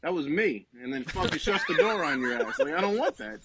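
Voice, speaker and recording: A man's voice: fairly high pitch, big pitch swings, quick pace, over a noisy crowd. A young man from New Jersey, a podcast co-host, telling a rambling, profane comic story with lots of quoted dialogue. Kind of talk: casual comedic storytelling.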